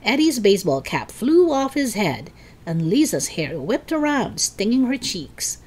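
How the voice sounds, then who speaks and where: A woman storyteller reading a children's chapter book aloud in an expressive, dramatic way. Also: mid-range voice, unhurried.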